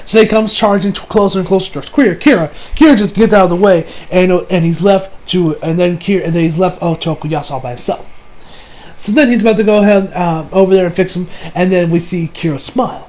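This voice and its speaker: A man reviewing an anime episode in a casual, excitable recap, rambling with restarts and swearing. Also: high-pitched, quick pace.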